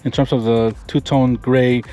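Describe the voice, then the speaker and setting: Here the Florida car vlogger speaks at medium pitch with a level, warm tone and a slightly slow pace. Walking around and sitting inside a pickup truck, he points out details with enthusiasm, rambling and often restarting his sentences.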